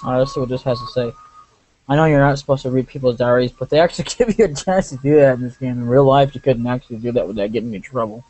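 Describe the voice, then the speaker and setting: A man's voice: medium pitch, fast, a little mellow. A man giving rambling, casual commentary over a game he plays, full of asides and restarts. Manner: rambling, many fillers and restarts. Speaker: let's play commentator. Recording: muffled lo-fi with faint hiss.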